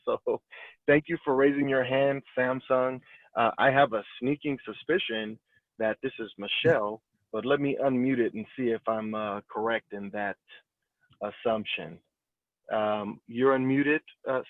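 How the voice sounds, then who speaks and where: Heard over tinny phone-line audio from a cell phone, a call host speaks at a medium pitch and a little slowly, in a dry recording. He's a man leading a casual group call, encouraging people while rambling and frequently starting his sentences over.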